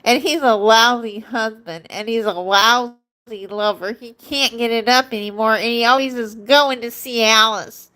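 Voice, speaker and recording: Woman doing a squeaky, silly, childish voice. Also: pushed and bright, rough recording. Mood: griping. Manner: deliberately annoying, silly. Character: silly childish-sounding woman griping about her husband. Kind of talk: live-stream joke voice.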